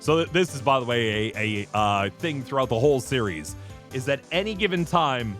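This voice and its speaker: A man's voice: mid-range voice, animated, moderate pace, a bit bright, soft background music. A man streaming a game, chatting and laughing as he comments. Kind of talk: let's-play commentary.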